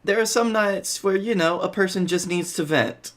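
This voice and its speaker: A man's voice: high voice, normal speed, a bit bright. A man co-hosting a podcast in casual chat, laid-back and jokey, swearing freely. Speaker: podcast co-host.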